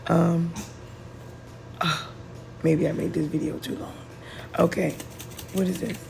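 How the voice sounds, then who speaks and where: A woman with a deep, raspy voice that is worn hoarse, talking through a home cooking voice-over in a loose, slangy, chatty way. Her tone is gravelly and rough, and a faint hiss of noise sits under the recording. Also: flat delivery, takes it slowly. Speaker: cooking vlogger.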